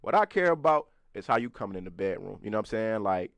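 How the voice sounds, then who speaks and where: Fast-talking young man in casual banter. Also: on the low side, big pitch swings, vocal fry, no room sound. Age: 20s. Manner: loose, profane, laughs often, talks to live chat. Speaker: podcast co-host. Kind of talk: casual chat.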